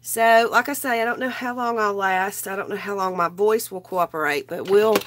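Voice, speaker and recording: A woman's voice: medium pitch, normal speed, fairly bright tone. Sick woman chatting on a craft livestream. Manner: rambling, greets viewers by name. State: sick, voice strained. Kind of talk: casual live chat while crafting.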